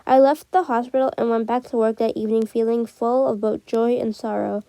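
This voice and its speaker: A woman reading a novel aloud in a steady way, with occasional slips and restarts. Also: on the high side, fairly quick, creaky, dry recording. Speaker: reader.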